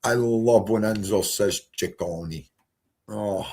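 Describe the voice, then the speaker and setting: A man's voice: lowish voice, slow, darkish tone. A man hosting a casual livestream chat, rambling and emotional as he talks to his guests and the chat. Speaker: livestream host.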